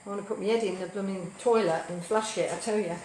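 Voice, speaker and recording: A woman's voice: medium pitch, steady tone, fast talker, a little hiss or hum. British woman, cooking show host, rambling cheerful chatter, echoey kitchen, clinking pots and cutlery. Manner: cheerful, rambling, cheeky asides, bursts of loud whoops. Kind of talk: chatty live cooking stream. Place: home kitchen. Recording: echoey kitchen with clattering dishes.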